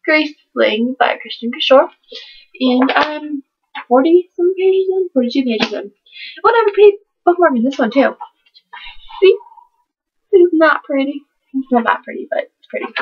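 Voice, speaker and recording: A teenage book vlogger with a fairly high, husky voice and vocal fry chats casually to camera at home, rambling giggly and hyper about her books. The webcam audio is dull and lo-fi.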